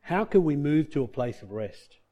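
A male preacher with a fairly high voice, delivering a sermon. His delivery swings widely, sinking to hushed, low lines and then climbing to shouted peaks. He tells stories with a preacher's rhythm. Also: big pitch swings, moderate pace, muffled recording, slight background noise. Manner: storytelling, shifting between soft low passages and loud shouted peaks.

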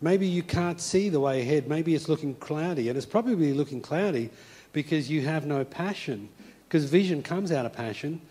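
A male pastor preaching a sermon, telling a story and then moving into a soft, hushed call to prayer. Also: a little high, animated, normal speed, husky. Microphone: speaking to a congregation and viewers at home.

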